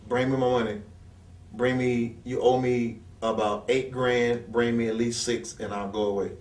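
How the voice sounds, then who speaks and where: A man's voice: medium pitch, a little hiss or hum. A man telling stories in a blunt, profane rant as an interview guest, acting out the people he quotes. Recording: echoey room, distant from mic.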